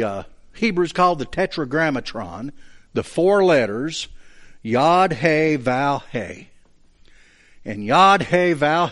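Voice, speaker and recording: A man preaching a sermon, teaching through scripture verse by verse with emphatic, drawn-out stresses when he reads verses aloud. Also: medium pitch. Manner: slow, emphatic Bible teaching with rising bursts of emphasis.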